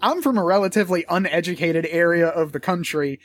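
A man's voice: high-pitched, a little fast, dry recording. A man putting on a sarcastic British male pundit, with a clumsy attempted British accent and a dry, mocking delivery. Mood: self-mocking.

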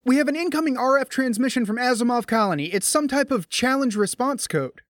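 A man's voice: extremely high pitch, animated, normal speed, dry recording, studio quality, pitched above the performer's own voice. A man doing an urgent young lieutenant. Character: young male lieutenant, urgent comms officer.

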